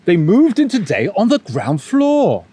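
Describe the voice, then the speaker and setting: A man's voice: sits high, huge pitch swings, unhurried, dark tone, husky, voice pushed up, full character voice. A man voicing a gleeful, gossiping male pigeon who burbles out the news.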